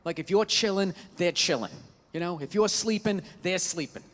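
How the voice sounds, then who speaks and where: A man's voice: high voice, a little fast, hardly any pauses, fairly bright tone, big-room sound. A male stand-up comedian ranting in an exasperated, profane way during a live routine.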